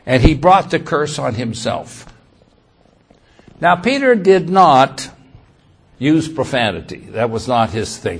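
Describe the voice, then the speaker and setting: A man preaching a sermon, slow and emphatic, who reads scripture aloud and grows louder when quoting it. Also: medium pitch, slightly rough.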